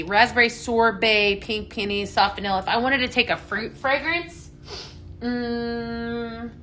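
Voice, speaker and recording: A woman's voice: medium pitch, fairly bright tone, a little hiss or hum. A chatty woman hosting a casual live-stream product demo, a little out of breath, reading viewer comments aloud as she talks. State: a bit out of breath. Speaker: home fragrance seller hosting a live stream.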